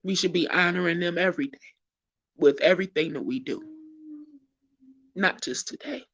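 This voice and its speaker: A man hosting a live online show. He sounds tearful and emotional, speaks with preacherly urgency, repeats phrases, and gives casual shout-outs. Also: fairly high pitch, moderate pace, gravelly, slightly rough. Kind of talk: emotional livestream talk and exhortation. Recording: dull lo-fi stream audio.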